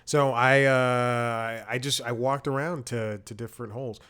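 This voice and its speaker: A man's voice: mid-range voice, fairly even intonation, moderate pace, a bit bright, smooth. Man rambling through a casual anecdote. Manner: rambling anecdotes with frequent self-corrections. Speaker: podcast host. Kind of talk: casual comedic chat.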